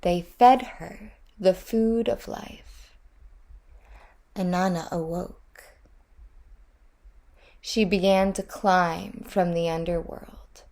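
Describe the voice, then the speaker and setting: A woman reads a storybook aloud at an unhurried, measured pace. Her voice sits low and calm. Each line is placed with care. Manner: measured, deliberate reading.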